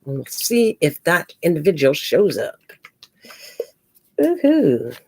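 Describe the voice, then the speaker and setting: A woman's voice: low voice, lively intonation, a little slow, vocal fry, darkish tone, breathy edge, no room sound. An older woman hosting a casual live stream from home while crafting, chatting with viewers and calling them pet names.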